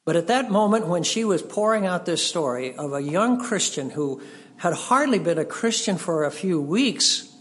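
A man preaching a sermon and telling stories, acting out the voices of people in them and swinging from hushed to loud. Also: high voice, expressive, moderate pace, big-room sound. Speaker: pastor. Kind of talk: sermon with storytelling. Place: church sanctuary.

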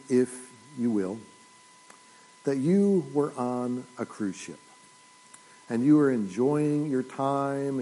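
Man, pastor, sermon, folksy storytelling, mellow dark voice, soft intense lows. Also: low-quality recording. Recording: audio recording of a church sermon.

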